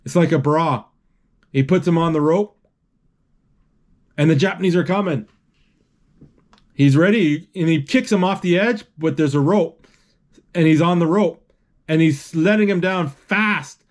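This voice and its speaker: A man with a voice on the high side retells a film scene by scene, speaking unscripted and haltingly. He restarts often and makes the sound effects with his mouth.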